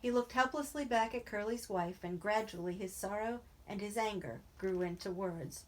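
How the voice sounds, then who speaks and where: A woman reading a novel aloud in a steady, even narrating voice. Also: medium pitch, moderate pace. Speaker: reader.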